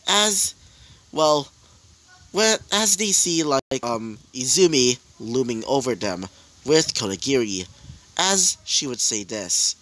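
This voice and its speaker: A man's voice: medium pitch, big pitch swings, slow, a bit bright. A man improvising a fan story as narrator, rambling with fillers and self-corrections.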